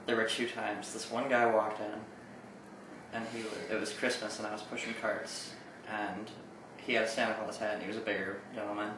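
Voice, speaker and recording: A young man co-hosting a casual chat, telling stories in a relaxed, dry, profane way. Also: fairly low pitch. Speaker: co-host. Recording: echoey room, distant mic, faint noise.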